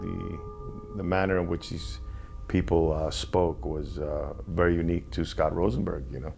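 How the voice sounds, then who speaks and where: Interviewed actor, male, gravelly and dark-toned, halting reflective anecdotes. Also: deep voice, flat delivery, soft background music. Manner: reflective, halting storytelling with restarts.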